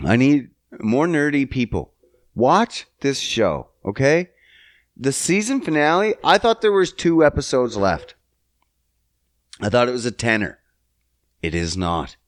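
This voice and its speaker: Profane animated young man ranting. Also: mid-range voice, a little slow, long pauses, no room sound, studio quality. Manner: profane, animated, swings loud when worked up. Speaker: podcast host. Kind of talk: casual solo podcast rant.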